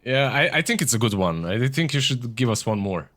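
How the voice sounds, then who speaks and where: A man's voice: medium pitch, big pitch swings, brisk, fairly bright tone. A man co-casting an esports stream, bantering and laughing with his partner. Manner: laughs often, playful banter. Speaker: esports co-caster. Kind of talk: casual stream chat.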